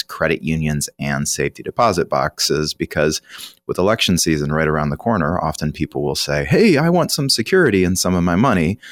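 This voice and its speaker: A man's voice: extremely low pitch, a bit bright, dry recording, studio quality. A man who is a retirement planning professional explaining finance on a radio talk show, emphatic and explanatory. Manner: explanatory, emphatic, occasional laughs.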